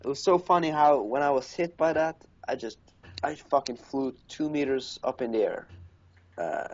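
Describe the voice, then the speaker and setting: A man chats casually, swearing freely and laughing through his own stories. His voice sits at an ordinary middle pitch. The recording is dull and lo-fi. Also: normal speed. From Norway. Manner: profane, laughing storyteller. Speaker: podcast co-host. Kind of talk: casual chat.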